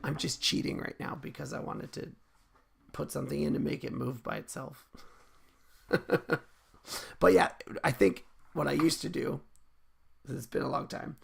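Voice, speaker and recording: Teaching game coding on a live stream, a man talks at a moderate pace in a slightly high, gravelly, somewhat rough voice, leaving long pauses. He's relaxed and chatty with viewers, thinks aloud, and frequently corrects himself mid-sentence over the sound of typing and clicks.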